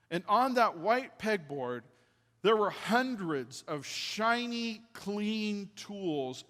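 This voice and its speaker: A man delivering a storytelling sermon with a slightly raised pitch. His voice carries a long reverb in a church hall. He is animated and drops to a hush when quoting others. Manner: animated, drops to a hushed voice for quoted lines. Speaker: pastor. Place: church sanctuary.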